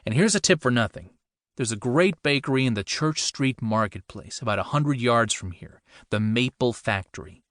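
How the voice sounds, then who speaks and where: A man voicing a patient, kind police officer who speaks with measured, calm authority. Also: medium pitch, dry recording, studio quality, lightly acted.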